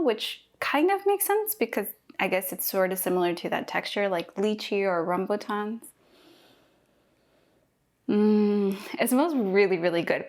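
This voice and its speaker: A young woman from Mexico, chatty and excited, thinking aloud while tasting a fruit for a food vlog. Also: mid-range voice. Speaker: cooking vlogger. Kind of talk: casual first-impressions tasting vlog.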